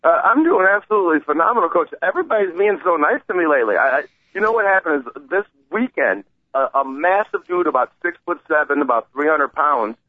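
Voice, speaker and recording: A man co-hosting a casual sports talk show, telling a rambling, excitable story with many restarts. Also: on the high side, brisk, no echo, narrow, tinny audio. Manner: rambling, excitable storyteller who acts out the people he quotes. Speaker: co-host.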